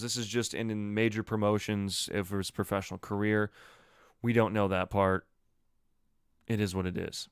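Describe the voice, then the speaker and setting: A man hosting his own solo podcast, giving opinionated commentary in an emphatic, animated way full of rhetorical questions. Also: mid-range voice, clear, resonant tone, no room sound, studio quality. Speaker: podcast host.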